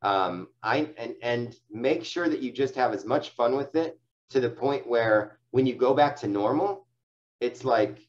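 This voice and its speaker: A man's voice: medium pitch, expressive, measured pace, muffled recording. A man giving casual, encouraging coaching to his sales agents, full of fillers and restarts. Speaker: sales team leader. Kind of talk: coaching talk on phone sales.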